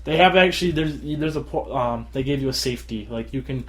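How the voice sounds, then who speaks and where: A tired man co-hosting a podcast in casual chat, rambling and laughing often as he acts out shouted quotes. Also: medium pitch, a little fast. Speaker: podcast co-host.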